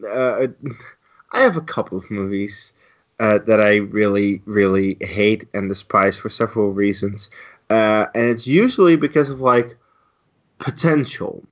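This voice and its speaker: A man's voice: on the low side, measured pace. A man co-hosting a podcast, ranting heatedly with a lot of swearing. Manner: heated, profane, animated ranting. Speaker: podcast co-host. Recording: lo-fi dull sound.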